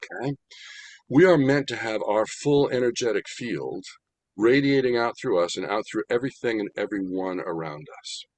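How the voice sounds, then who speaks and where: An older American man giving an animated, humorous talk about his spiritual path, slowing down to stress points. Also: fairly low pitch, no room sound. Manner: animated, humorous, slows down for emphasis. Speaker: spiritual speaker. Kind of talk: storytelling talk.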